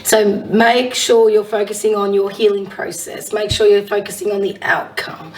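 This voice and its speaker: A woman with a husky voice, a psychic medium giving a casual oracle card reading and reading affirmations aloud. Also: mid-range voice, level tone, moderate pace, far from the mic, poor audio. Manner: chatty, warm-hearted encouragement, reads affirmations aloud.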